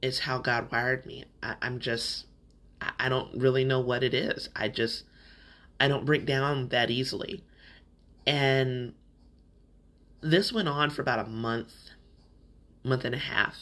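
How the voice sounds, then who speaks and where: A man with a bright, forceful voice shares a personal story on his podcast. He talks candidly and reflectively, in a loose conversational flow. His pitch sits in an ordinary middle range for a man. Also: fairly even intonation, a little slow, long pauses. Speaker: podcast host.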